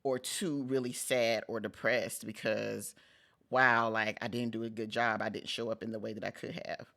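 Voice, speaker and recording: A middle-aged man gives a motivational pep talk on his vlog in a gravelly, creaky voice. He speaks in a conversational, emphatic way, repeating phrases to drive them home and dropping in casual slang. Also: fairly low pitch, little pitch movement, normal speed, fairly bright tone. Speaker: host.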